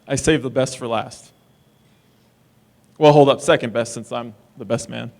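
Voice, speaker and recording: A man's voice: medium pitch, fairly even intonation, a little slow, vocal fry, a little mellow. A man giving a best man's wedding toast, teasing and wisecracking with the guests at a reception in a distillery. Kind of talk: joking wedding speech.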